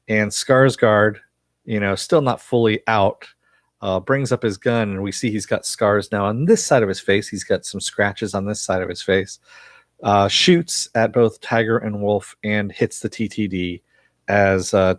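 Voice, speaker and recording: A man's voice: on the low side, no room sound, clean studio sound. A man casually recapping a TV episode for viewers, rambling with frequent fillers and chuckles. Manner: reads viewer chat aloud. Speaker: TV episode reviewer.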